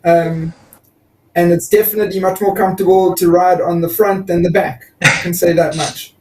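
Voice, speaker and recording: A man with a South African accent chats hesitantly, full of fillers. His voice sits high. He sounds far from the mic in an echoey room. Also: level tone, normal speed, a little hiss or hum. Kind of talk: casual livestream chat.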